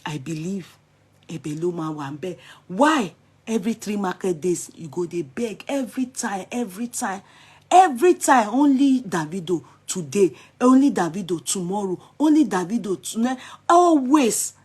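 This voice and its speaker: A Nigerian woman with a Yoruba accent giving animated, scolding commentary in a casual vlog. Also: mid-range voice, normal speed, husky.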